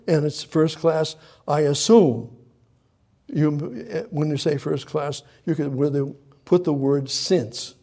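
A man's voice: a little high, fairly even intonation, slow, warm tone. A male preacher giving a sermon, retelling scripture dramatically with many repeats and old-style Bible quotes.

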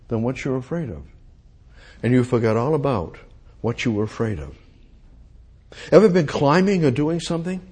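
A man preaching a sermon, dropping to a hush and rising to loud cries, repeating phrases for emphasis. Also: a little high, breathy edge. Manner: lively, swings from hushed to loud, repeats phrases.

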